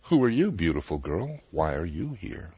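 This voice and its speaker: A man's voice: sits low, big pitch swings, normal speed, dark tone, husky, no echo, full character voice. A man doing a lovestruck old sage. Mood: pleading. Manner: pleading, eager. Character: lovestruck old male sage, eager and clueless.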